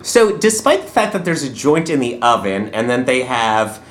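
A man's voice: medium pitch, normal speed, a bit bright. A man from Poland co-hosting a podcast, recapping a movie with wry, dry jokes in a casual chat. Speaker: podcast co-host.

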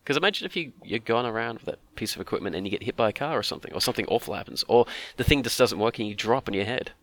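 A man's voice: medium pitch, expressive, racing, a bit bright. A man, co-hosting a casual chat and rambling through joking asides. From Australia. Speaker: podcast co-host.

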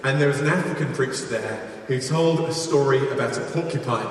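A man preaching a sermon in a large church, earnest and storytelling, dropping to quiet emphasis on key points. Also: medium pitch, fairly quick. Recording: echoey hall from far off.

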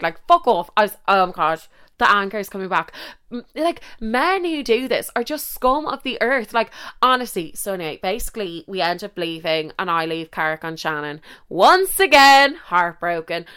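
A woman's voice: medium pitch, smooth. Sweary Irish woman telling a story. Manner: heavy swearing, lively and indignant. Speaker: podcast host. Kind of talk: profane storytelling monologue.

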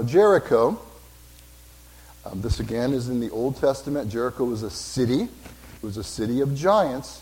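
A pastor preaching a sermon in a church, talking casually with asides and questions for the congregation. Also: male voice, mid-range voice, darkish tone, rough recording.

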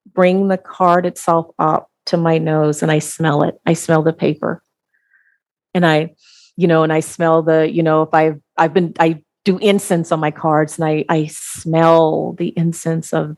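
A woman speaking as an interview guest, slow and earnest, halting and restarting as she reflects. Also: low voice, level tone, gravelly, darkish tone, no room sound.

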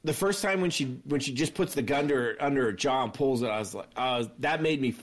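A man's voice: mid-range voice, brisk. A man co-hosting a casual podcast, swearing and laughing as he tells stories. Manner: profane, laughing, animated storytelling. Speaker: podcast co-host. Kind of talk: casual chat.

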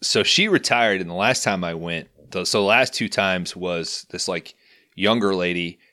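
A man in casual chat, telling crude, animated stories about the dentist. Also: low voice, moderate pace, no room sound, studio quality. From St. Louis.

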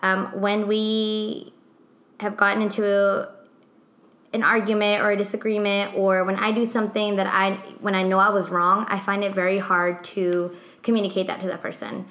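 A young woman co-hosting a podcast, telling stories in a chatty, animated way with lots of "like". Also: mid-range voice, normal speed. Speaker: podcast co-host. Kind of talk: casual chat. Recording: echoey room.

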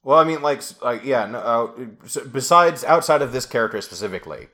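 A man co-hosting a podcast in casual chat, halting and full of fillers, with a dry sarcastic wit. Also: medium pitch, lively intonation, bright, forceful tone. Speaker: podcast co-host.

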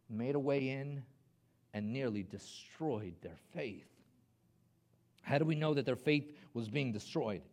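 A man preaching a sermon as a pastor, with impassioned emphasis, slowed key phrases and stammered restarts. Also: medium pitch.

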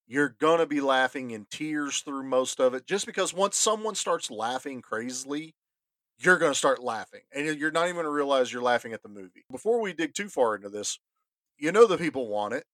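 A man's voice: medium pitch, lively intonation, fairly quick, a bit bright, no echo. A man co-hosting a casual movie podcast, eager and stumbling over restarts. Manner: enthusiastic, restarts often. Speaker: podcast co-host. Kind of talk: casual movie review chat.

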